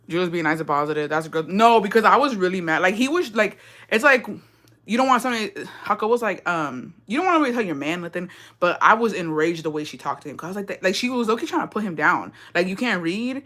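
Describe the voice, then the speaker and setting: A woman's voice: on the low side, animated, quick pace, fairly bright tone. A young woman hosting a livestream, telling a story in a slangy, profane, chatty rant and reading out viewer comments. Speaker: livestream host.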